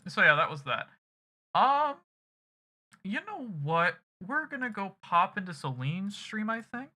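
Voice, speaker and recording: Music plays behind a man who rambles and swears through the casual close of his game stream. His high voice is sing-song and bright with a forceful tone, and he speaks a little slowly.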